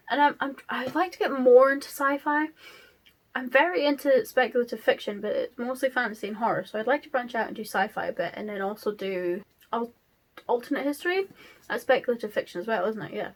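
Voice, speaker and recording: A woman, chatting casually about books as a vlogger, rambling with many fillers and restarts. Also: on the high side. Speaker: book vlogger. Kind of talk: casual chat.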